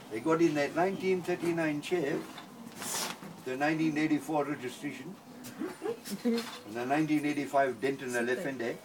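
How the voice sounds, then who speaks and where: A man's voice: a little high, normal speed, long pauses, background noise. A man telling a comic story full of quoted dialogue, then singing a funny song. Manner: rambling anecdotal storyteller, asides and quoted dialogue. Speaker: comedian and singer. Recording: distant mic with loud guitar.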